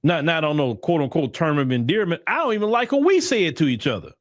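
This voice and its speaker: An American commentary channel host delivers blunt, emphatic opinions in casual slang, often repeating himself for emphasis. His voice is a little high, very animated, and fast, recorded at studio quality with no room sound.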